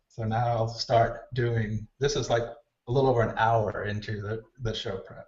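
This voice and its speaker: A man with a mid-range voice and moderate pace recounts backstage stories in a relaxed interview, playing out quoted dialogue as an animated hair stylist guest. A distant, roomy mic gives it a dull lo-fi sound.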